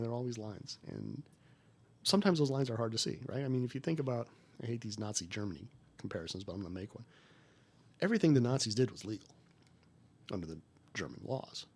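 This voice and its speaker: A man in his forties tells stories from his years as a federal agent, speaking as a guest on a podcast. His voice is husky at a middle pitch, and his delivery is folksy and emphatic, turning animated when he acts out exchanges. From United States. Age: 40s. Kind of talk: conversational interview storytelling.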